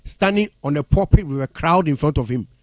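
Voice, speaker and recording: A man with a Ghanaian accent in heated radio talk, animated and indignant, switching between English and Twi. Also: on the high side, brisk, dry recording, clean studio sound.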